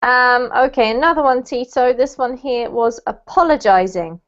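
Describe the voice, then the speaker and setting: A fairly high-voiced woman teaches English over a video call, patient and clear, stopping often to check that her students follow. The audio is a little muffled, with the dull sound of a call. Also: a bit bright. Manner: patient, explains slowly with checking questions. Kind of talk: online language lesson.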